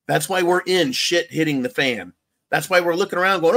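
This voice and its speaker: A man's voice: fairly high pitch, fairly quick, fairly bright tone. Angry, cussing male commentary host. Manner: angry, heavily profane, repetitive; sarcastic asides. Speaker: channel host. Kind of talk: ranting political commentary.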